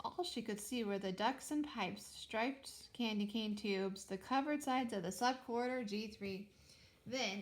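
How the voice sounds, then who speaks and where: A woman reading a children's space adventure aloud with lively, expressive storytelling. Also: fairly high pitch. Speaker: reader.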